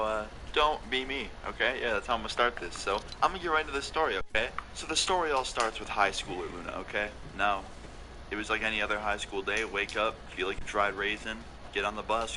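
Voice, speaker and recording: Young man, casual story-time vlog, low-ish voice, swearing, filler-heavy, heavy vehicle rumble. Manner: casual, swears often, fills with "like" and "okay?". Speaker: storytelling vlogger. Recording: loud vehicle noise behind the voice.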